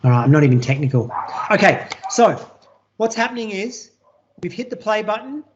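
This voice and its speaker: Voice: medium pitch, very animated, moderate pace, noisy background. Teacher, live online demo, chatty, keeps checking in, video call mic, muffled audio. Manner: chatty, checks in often with "all right?". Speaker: teacher presenting a workshop. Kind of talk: live online tech demonstration. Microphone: computer mic on a video call.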